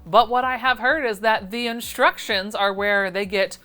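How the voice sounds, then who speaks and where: A woman hosting a casual vlog, reviewing sewing patterns in a sarcastic, exasperated, animated way. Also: medium pitch, normal speed.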